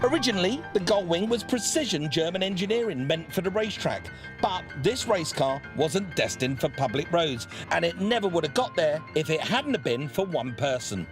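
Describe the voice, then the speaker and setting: Brief: male narrator, bright lively read, music bed. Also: fairly high pitch, normal speed. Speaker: documentary narrator. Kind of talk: scripted narration.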